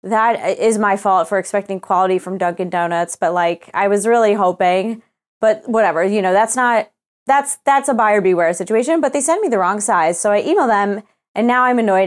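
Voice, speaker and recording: A woman's voice: medium pitch, a little fast. A young woman co-hosting a podcast, telling a frustrating story with casual swearing and acted-out quotes. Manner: animated storytelling, swears freely, acts out quoted exchanges. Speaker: podcast co-host. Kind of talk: casual chat.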